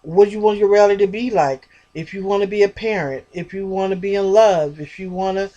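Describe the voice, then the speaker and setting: A woman's voice: mid-range voice, a little fast, mellow, highs cut off. Rambling, chatty woman vlogger. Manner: rambling and chatty, addresses viewers as y'all. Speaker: spiritual vlogger. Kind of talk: casual spiritual monologue.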